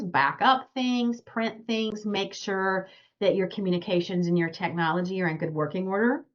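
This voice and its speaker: A woman's voice: on the low side, dull audio. A woman astrologer giving a recorded webinar talk, earnest and advising her listeners directly.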